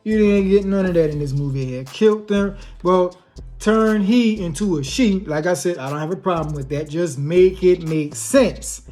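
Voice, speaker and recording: A man's voice: sits high, moderate pace, a little mellow, soft background music. A man giving a casual, opinionated movie review in a slangy, conversational way, full of rhetorical asides.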